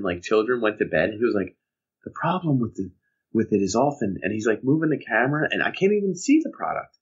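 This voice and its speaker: A man's voice: on the low side, slightly rough, highs cut off. A man co-hosting a podcast, chatting casually and acting out the people in his stories. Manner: animated storyteller, mimics people he describes. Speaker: podcast co-host. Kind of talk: casual chat. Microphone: video call.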